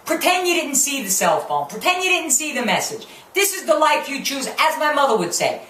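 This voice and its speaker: A woman's voice: high voice, sing-song, normal speed, few pauses, pushed and bright, distant mic. A woman giving a brash, profane, sarcastic comedic rant reviewing a TV show. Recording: roomy, off-mic, faint background hum.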